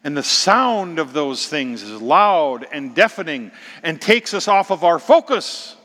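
A middle-aged pastor preaches a sermon with dramatic force, dropping to hushed whispers before rising to loud exclamations. His high, bright, forceful voice has a sing-song, unhurried quality. A long reverb suggests recording in a large hall.

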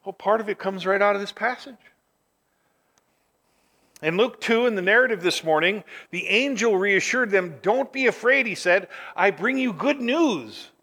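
A man preaching a sermon as pastor, swinging from near-shouts to hushed, quiet lines. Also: sits high. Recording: long hall reverb.

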